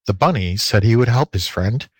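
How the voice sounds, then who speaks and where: Male storybook narrator: unhurried, melodic, dry close recording. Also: on the low side, lively intonation, darkish tone, slightly rough, no echo. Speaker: volunteer audiobook reader.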